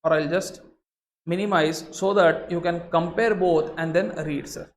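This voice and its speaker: Roomy Indian English law lecturer. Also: male voice, a little high, unhurried. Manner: animated teacher, sprinkles "sir" and Hindi asides, shifts tone for emphasis. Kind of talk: recorded exam-prep lecture. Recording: roomy echo, faint noise.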